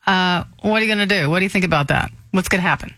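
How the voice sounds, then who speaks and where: A woman co-hosting a talk radio show, calmly and dryly pushing back in casual banter. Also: fairly low pitch, very fast, dry recording. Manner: calm, dryly contradicting. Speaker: radio news co-host.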